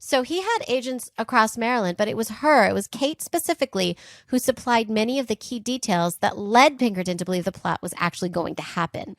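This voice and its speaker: With a slightly high voice, a woman co-hosting a podcast tells a history story briskly and with few pauses. She's chatty and animated, laughing a lot and dropping frequent "like" and "um" asides, in studio-quality audio with no echo.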